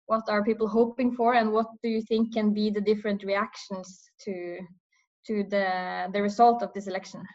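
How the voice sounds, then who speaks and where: A woman's voice: medium pitch, little pitch movement, normal speed, darkish tone. A woman asking an interview guest questions, hesitant and restarting her sentences. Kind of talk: online panel interview. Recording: dull lo-fi sound.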